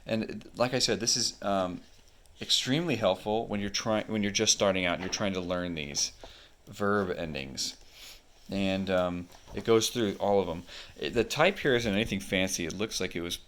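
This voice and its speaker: A man with a very deep voice talks through a book page by page. He explains at an easy pace and fills his pauses with ums and uhs, like a casual hobby reviewer. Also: fairly bright tone, slight background noise. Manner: unhurried, explanatory, many fillers.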